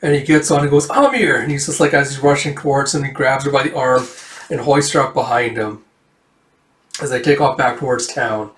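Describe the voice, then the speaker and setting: A man casually recapping a comic book, voicing the characters' lines himself and jumping into loud shouts for the dramatic ones. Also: mid-range voice, flat delivery, a little fast. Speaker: manga reader recapping a comic. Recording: echoey room, far from the mic.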